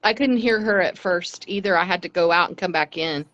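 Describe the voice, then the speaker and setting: A woman's voice: lowish voice, brisk, fairly bright tone, lo-fi sound. An easygoing woman co-hosting a casual livestream over a video call. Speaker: livestream co-host.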